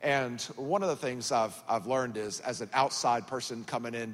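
A man in his thirties from Georgia with a Southern US accent, preaching as a guest pastor in a folksy, joking, conversational way. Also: mid-range voice. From Georgia, USA. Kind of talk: sermon. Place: large church auditorium. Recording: church hall reverb.

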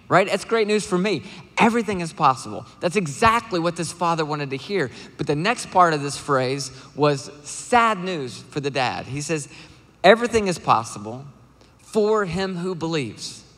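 A man preaching a sermon as a pastor, talking in an earnest, conversational way with quick asides and fillers. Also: fairly high pitch, fairly bright tone. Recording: long hall reverb.

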